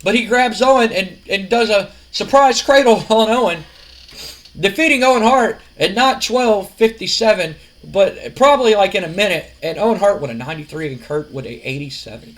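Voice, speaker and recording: A man casually narrating a wrestling sim game, rambling and animated with lots of fillers. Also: high-pitched, poor audio. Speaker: gaming video host.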